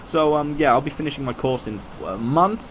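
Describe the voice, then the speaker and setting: A young man rambles through casual video game commentary, chatty and self-mocking. His mid-pitched voice swings up and down as he talks. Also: expressive, brisk, a little hiss or hum, rough recording.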